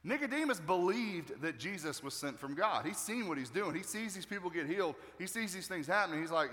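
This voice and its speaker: A male pastor preaching a sermon in a relaxed, joking way, acting out the people in the story. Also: sits high, brisk, few pauses. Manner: conversational and joking, acting out quotes. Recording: long hall reverb.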